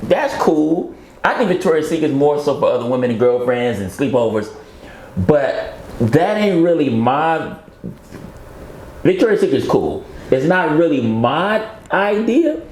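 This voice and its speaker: A man's voice: fairly high pitch, sing-song, a little slow, a little mellow. A man, a guest in a casual interview, talking in a laid-back, rambling way and laughing as he jokes. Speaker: interview guest, actor and comedian. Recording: roomy echo with faint background noise.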